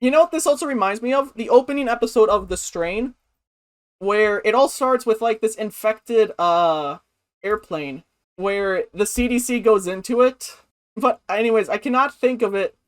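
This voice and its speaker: Woman vlogger, slightly high-pitched, giggly and incredulous, rambling reaction commentary. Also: moderate pace.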